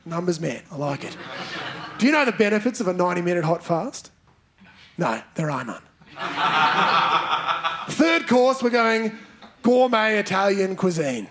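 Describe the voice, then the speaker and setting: A man with a fairly high voice works the room as a stand-up comedian, playfully teasing audience members. It is a live theatre recording with audience noise clearly audible behind him. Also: big pitch swings, a little slow, pauses often. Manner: playful, banters with audience members, leads chants. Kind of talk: stand-up comedy with crowd work. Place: large theatre stage. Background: audience laughter.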